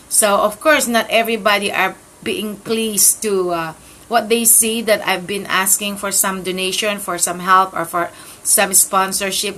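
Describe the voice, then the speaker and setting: Bright-voiced woman host. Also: medium pitch, rough recording. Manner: rambling, thankful, many fillers and restarts. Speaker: host of her own talk channel. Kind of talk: casual chat to camera.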